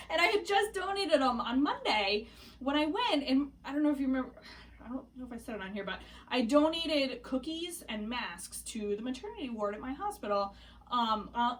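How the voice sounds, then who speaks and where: A young pregnant woman tells a long story for her vlog in a chatty, animated way, laughing often and hiccuping now and then. Her voice sits a little high. She is heard from a little way off the mic. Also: recorded from a distance. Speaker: vlogger.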